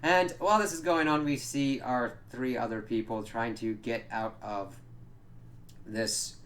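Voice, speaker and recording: A man with a medium-pitched, slightly bright voice gives a casual spoken recap of a show, with slight background noise behind him. He reviews it in a rambling way, swearing and using lots of fillers.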